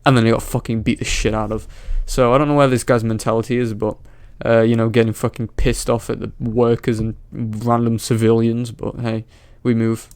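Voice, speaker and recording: Flat, mocking male reaction commentator. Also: medium pitch, moderate pace, few pauses, clean tone, dry recording. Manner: mocking, profane, flat delivery.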